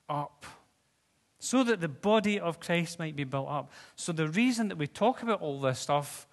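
A man preaching a sermon in a church, talking conversationally and putting questions to the congregation. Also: on the high side. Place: church hall with seats. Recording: long reverb of a church hall.

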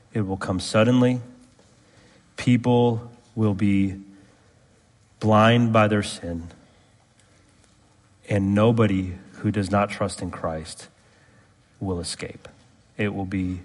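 A middle-aged man preaching a sermon as pastor, emphatic, building to forceful peaks and then dropping his voice low. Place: church sanctuary. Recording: long reverb of a church hall.

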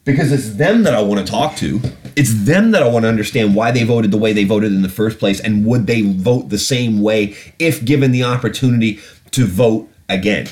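A man's voice: lowish voice, moderate pace, darkish tone. A British man hosting a podcast, ranting bluntly and profanely about politics. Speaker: podcast host. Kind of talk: casual ranting commentary.

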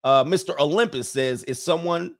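Hosting a livestream, a man reads viewer comments aloud in casual chat, rambling and chuckling as he loses his train of thought. His voice is a little high and his pace moderate.

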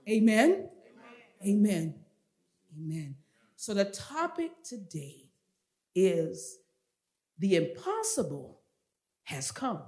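A woman preaching a sermon in a church, leading the congregation in call and response and rising to loud emphatic calls before dropping soft again. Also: on the high side, sing-song, unhurried. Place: church sanctuary. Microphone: earpiece monitor and handheld or headset mic.

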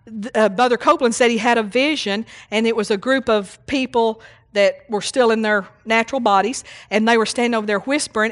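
A woman's voice: a little high, brisk. A woman preaching a sermon, reading scripture and teaching with emphatic repetition and call-outs to the congregation.

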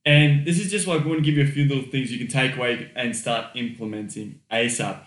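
A man's voice: mid-range voice, steady tone, brisk. An Australian man co-hosting a casual podcast, blunt and swearing freely, laughing easily as he talks. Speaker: podcast co-host. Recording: roomy echoey room.

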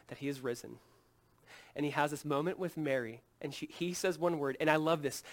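High-voiced preaching pastor, loud then hushed. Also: male voice. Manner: preaching with big swings between loud emphatic peaks and hushed low passages; retells scripture with acted-out quoted voices. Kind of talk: Easter sermon.

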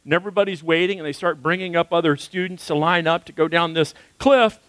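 A man's voice: a little high, fast talker, fairly bright tone, dry recording. A male pastor giving a storytelling sermon in a conversational way, with frequent fillers.

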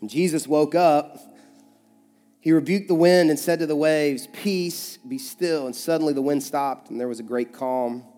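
A male pastor with a Kentucky accent preaching a conversational sermon, swinging between emphatic loud stretches and hushed ones. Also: on the high side, steady tone, moderate pace. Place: church sanctuary. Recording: church hall reverb with soft music.

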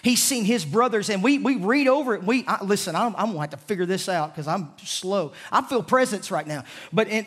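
In a church sanctuary full of worshippers, a high-pitched pastor from the American South preaches an impassioned sermon in a Southern accent. He swings between loud declarations and hushed lines.

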